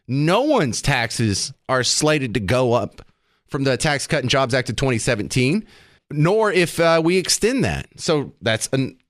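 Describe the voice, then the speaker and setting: A man's voice: medium pitch, no room sound, clean studio sound. Sarcastic male talk radio host. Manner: sarcastic, argumentative. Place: radio studio.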